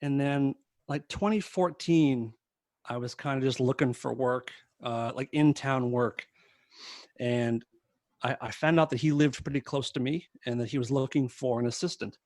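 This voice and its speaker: A man guesting on a podcast, telling a story in casual chat, animated and laughing often. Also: medium pitch, normal speed, dry recording, clean studio sound. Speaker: podcast guest, former tour crew member.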